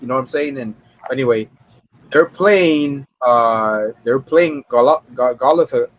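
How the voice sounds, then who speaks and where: A man on a livestream podcast talks through a film scene in a loose, rambling way. He swears a lot and repeats words while he searches for them. His voice sits at an ordinary pitch and comes through dull and lo-fi. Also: unhurried. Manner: rambling, profane, acts out scenes in high voices. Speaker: podcast co-host. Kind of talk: casual film review chat.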